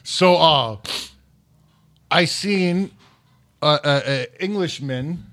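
A man's voice: fairly high pitch, very slow, fairly bright tone. A man hosting a podcast, telling crude stories in a rambling, casual way full of fillers and swearing. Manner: rambling, profane storytelling with many fillers. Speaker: podcast host. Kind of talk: casual chat. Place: podcast studio.

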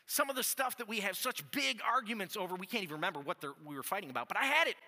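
A man preaching as a pastor, telling stories in a chatty, animated way full of "like" fillers, in a church. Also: sits high, racing. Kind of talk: conversational sermon with storytelling. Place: church sanctuary. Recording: long reverb of a church hall.

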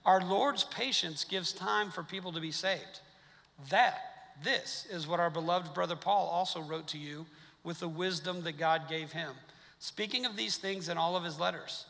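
A high-voiced male pastor with a gravelly rasp, delivering a sermon in a casual, conversational way with wry asides. His tone is bright and forceful. The sound carries the long reverb of a church sanctuary.

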